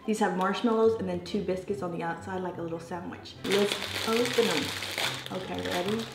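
A woman's voice: lowish voice, fairly even intonation, a little fast, echoey room, background noise. A woman with an American accent hosting a casual taste-test vlog, chatting straight to her viewers. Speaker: vlogger.

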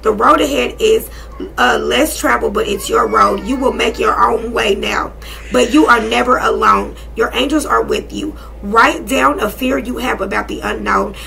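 A woman in her thirties talks her viewers through a casual tarot reading. Her voice is strongly gravelly and bright, set a little high. She speaks bluntly and sassily, with constant profanity. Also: normal speed, slight background noise. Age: 30s. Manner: blunt, profane, sassy and emphatic. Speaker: tarot and energy reader.

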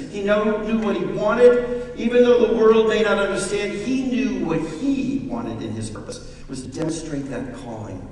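A man preaching a sermon as pastor, animated, swinging from hushed to loud. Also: a little high, a little hiss or hum. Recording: echoey church hall, distant mic.

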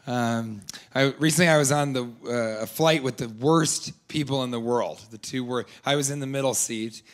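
A man doing a stand-up comedy set, deadpan with rambling asides, audience laughing. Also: medium pitch, moderate pace.

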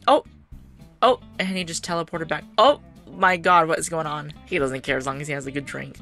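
A woman hosting a life-sim game video, chatting casually as she plays, excitable and teasing, often laughing and cheering. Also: low-pitched, moderate pace, faint music behind. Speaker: gaming channel host.

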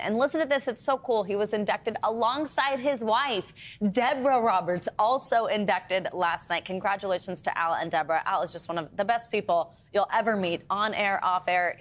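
A woman presenting morning news in an upbeat, friendly way. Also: mid-range voice. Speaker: news anchor.

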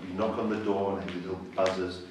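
His deep, slightly mellow voice moves quickly and evenly as this English-accented church member gives his testimony. He's a self-deprecating storyteller who voices the characters he describes. There's slight background noise, and the echoey room is heard from a distance.

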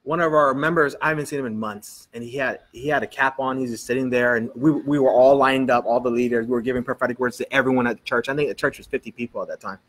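A man's voice: mid-range voice, fast talker, hardly any pauses. A male pastor preaching a sermon in a church, telling stories and acting out what people said. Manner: animated storytelling, quoting people in dialogue.

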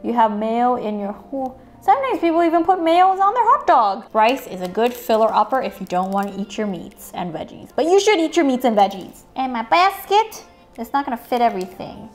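A woman with a fairly high, very animated voice talks briskly while hosting a toy unboxing video. Bubbly and playful, she chats as she opens each item, sometimes putting on silly voices for the toys.

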